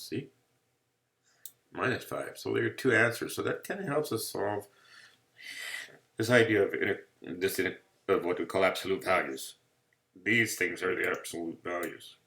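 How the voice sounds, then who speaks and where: A man's voice: low voice, vocal fry, a bit bright. A male math teacher giving a casual, playful lecture from home. He jokes around and keeps checking in with his listeners. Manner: playful, jokey, keeps checking in with "you see?". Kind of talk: casual screen-recorded lecture.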